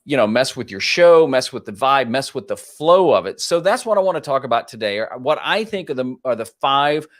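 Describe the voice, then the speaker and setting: Lively, chatty male stream host. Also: mid-range voice, a little fast, hardly any pauses. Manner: upbeat, chatty, reads out viewer comments. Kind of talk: casual live stream chat. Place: home office studio. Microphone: home office studio mic.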